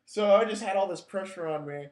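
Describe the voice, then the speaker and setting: Wry storytelling man, slightly high voice. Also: brisk, a little mellow. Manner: wry, self-mocking, loose with many "like"s. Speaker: podcast host. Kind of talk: casual storytelling. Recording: echoey room.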